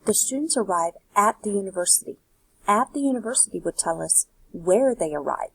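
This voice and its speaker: Gravelly-voiced woman teaching Spanish. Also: mid-range voice, lively intonation, a little fast, a bit bright, dry recording, rough recording. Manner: explains step by step, asks rhetorical questions. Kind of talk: recorded worksheet lesson.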